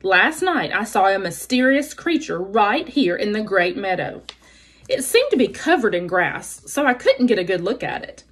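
A woman's voice: very animated, normal speed. A woman voicing a fussy, fearful male owl who hoots and screeches in a storybook reading. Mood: alarmed. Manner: hooting, screeching, shrill.

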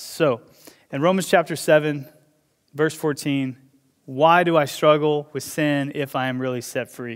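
A man preaching a sermon as pastor, talking conversationally with quick asides and restarts. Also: a little high. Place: church auditorium. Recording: long hall reverb.

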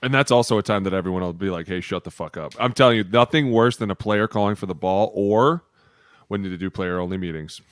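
A man's voice: fairly low pitch, fast talker, clean tone, dry recording. A man co-hosting a podcast in casual chat, blunt and jokey, swearing freely. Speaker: podcast co-host, former offensive lineman.

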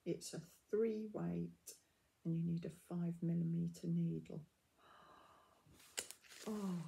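A middle-aged woman in a casual unboxing vlog, gushing and often dropping into soft half-whispers as she reads out labels. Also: fairly low pitch, takes it slowly, vocal fry, slight background noise. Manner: reads out yarn labels in a steady list. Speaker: craft vlogger.

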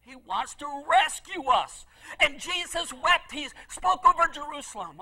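A middle-aged male pastor preaching a sermon with passion, repeating phrases and swinging between loud emphasis and soft asides. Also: very high voice, animated, a little slow, rough recording.

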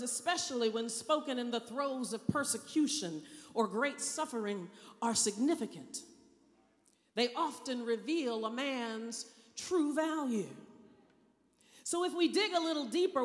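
A woman preacher delivering a Good Friday sermon, calling on the congregation for responses and rising to loud cries. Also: high-pitched. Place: large church. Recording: long church hall reverb.

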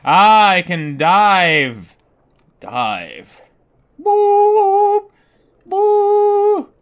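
A young man giving excitable let's-play commentary, exaggerated and squealing at cute things. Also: medium pitch. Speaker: gaming YouTuber.

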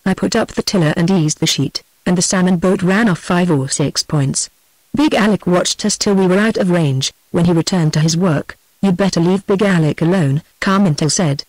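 A text-to-speech woman's voice with a British English accent, reading an adventure novel aloud in an even, steady manner without character voices. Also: lowish voice, normal speed, no echo, low-quality recording. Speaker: audiobook narrator. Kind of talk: scripted narration.

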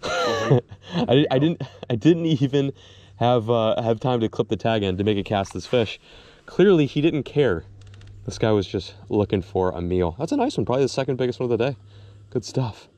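A young man vlogging from a fishing boat outdoors, excited and slangy, laughing often as he talks. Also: mid-range voice, a little fast, no room sound. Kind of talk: excited outdoor vlog chat. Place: boat on open water outdoors.

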